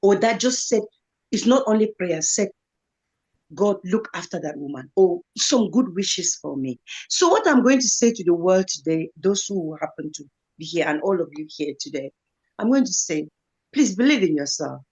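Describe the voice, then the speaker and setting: A woman's voice: lowish voice, animated, normal speed, darkish tone, rough recording. A woman speaking as a guest in an online live talk, earnest and motivational, repeating phrases for emphasis. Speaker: guest speaker, kidney patient.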